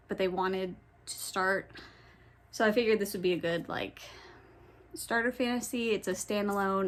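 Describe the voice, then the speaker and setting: A woman's voice: medium pitch, a bit bright. Chatty young woman vlogging about books. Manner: chatty, rambling, with many ums and self-corrections. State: has the hiccups. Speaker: book vlogger. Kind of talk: casual chat. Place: home, in her pajamas.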